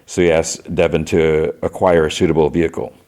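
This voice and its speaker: A podcast host with a very low voice retells a show scene by scene. He talks casually and rambles, leaning on fillers and "he's like". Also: level tone, brisk, darkish tone. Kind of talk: casual episode recap.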